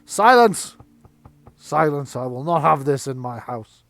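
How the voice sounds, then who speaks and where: A man's voice: mid-range voice, fairly even intonation, normal speed, creaky, no echo, lightly acted. Man doing a cold, imperious lady of a fantasy wizard tower, tabletop game, clipped and stern. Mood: commanding. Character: stern commanding mistress of a wizard tower, woman.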